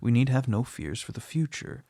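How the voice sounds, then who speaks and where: A man with a husky, gravelly voice voicing a passionate former lover who forcefully pleads with a woman to come away with him. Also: medium pitch, big pitch swings, normal speed, dry recording, studio quality, lightly acted. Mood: pleading. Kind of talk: storybook reading.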